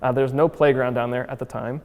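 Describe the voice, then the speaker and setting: A man gives a relaxed, chatty lecture in a mid-range voice, full of fillers and asides. His voice carries a long reverb from a lecture hall. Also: medium pitch, fast talker. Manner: chatty and upbeat, heavy use of "like" and "uh"; acts out quotes with voice shifts. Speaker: museum founder giving a lecture. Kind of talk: casual lecture.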